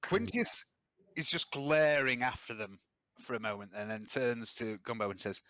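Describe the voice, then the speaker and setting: A man's voice: medium pitch, normal speed, sharp tone, dry recording. A man playing a tabletop game, speaking with formal phrasing. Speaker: player.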